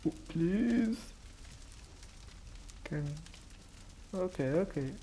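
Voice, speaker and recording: A man playing a mobile puzzle game and commenting in English, which is not his first language, reacting loudly and swearing. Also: high voice, lively intonation, drawn-out words, a little hiss or hum, rough recording. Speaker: gaming video creator. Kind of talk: casual let's-play commentary.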